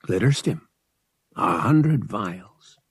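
A man's voice: fairly low pitch, lively intonation, very slow, breathy edge, no room sound, studio quality, full character voice. A man voicing a smug, impatient young male pilot who speaks in short, clipped lines. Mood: curt. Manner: curt, impatient.

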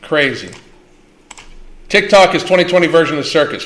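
A man's voice: fairly high pitch, lively intonation, fairly quick, a bit bright. A man hosting a livestream Q&A, talking in a blunt, profane and combative way. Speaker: livestream host. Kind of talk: livestream Q&A rant.

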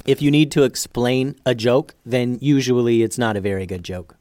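A man voicing a wary, deadpan young ninja in a storybook. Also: medium pitch, moderate pace, no room sound, studio quality, close to an everyday voice.

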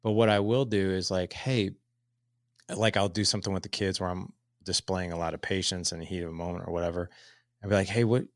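A man in his forties, a podcast guest and dads' coach, giving advice in lively conversation and acting out the people he quotes. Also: sits low, fast, dry recording, studio quality. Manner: animated storyteller who acts out quotes. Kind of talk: conversational interview answers.

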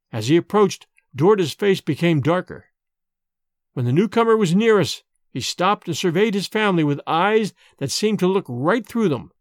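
A man narrating a classic ghost story in an expressive, old-fashioned storybook reading. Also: high-pitched, no room sound. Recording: dry close recording with faint music.

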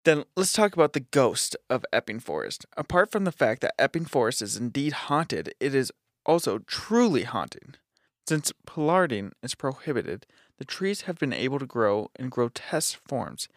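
A man's voice: medium pitch, sing-song, normal speed, dry recording. Man, podcast co-host, reading ghost lore aloud, casual asides, dry close mic. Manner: reads aloud with asides and swearing.

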